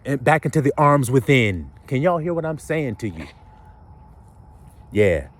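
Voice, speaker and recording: A man delivers a blunt, profane sermon, firing question after question at his listeners. His pitch leaps high and drops low as he builds each point. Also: big pitch swings, unhurried. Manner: blunt, profane street preaching with rhetorical questions. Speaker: preacher.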